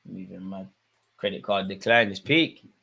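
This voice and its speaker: Young guy hosting a match watchalong, punchy voice, goes from mumbling to shouting at the telly. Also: low-pitched, moderate pace, vocal fry, slightly rough. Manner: excitable, swings from muttering to shouting at the screen. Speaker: football watchalong host. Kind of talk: live watchalong commentary, casual.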